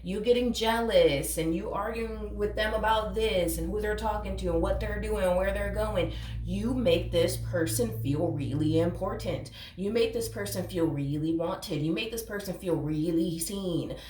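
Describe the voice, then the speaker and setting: A woman's voice: medium pitch, normal speed, a little mellow, far from the mic, slight background noise. A woman giving a casual tarot reading to camera, blunt and emphatic. She repeats her points and calls the listener honey. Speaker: tarot reader. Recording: roomy echo, away from the mic.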